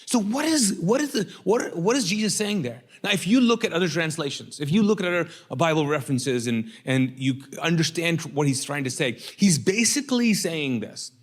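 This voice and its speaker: High-pitched, animated male pastor preaching. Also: moderate pace, hardly any pauses. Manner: lively, rhetorical, drawing call-and-response from the congregation. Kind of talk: sermon.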